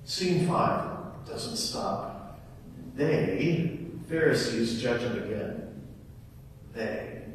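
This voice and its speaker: A male pastor giving a sermon, retelling scenes in an animated storytelling manner, recorded in a church. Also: mid-range voice, extremely slow, pauses often, a little hiss or hum. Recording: echoey hall from far off.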